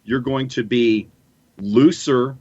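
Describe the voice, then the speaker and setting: A man's voice: mid-range voice, steady tone, slow pace, a little mellow, muffled recording. A man in a casual soccer podcast talk, thoughtful and a bit hesitant as he weighs things up.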